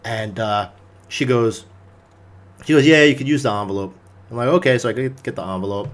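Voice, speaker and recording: A young man, a podcast host, telling a story in casual chat, animated and full of swearing. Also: mid-range voice, fairly quick.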